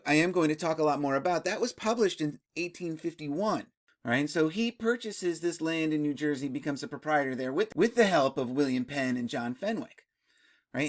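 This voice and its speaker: A history video host talking through colonial history in a casual explainer style, tagging sentences with "right?" and often laughing. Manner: excitable, jumps up in pitch when amused.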